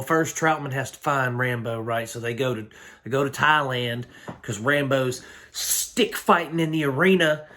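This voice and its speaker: A man's voice: medium pitch, sharp tone. A man recapping a film in a casual, rambling, slangy way, full of fillers. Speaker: film reviewer.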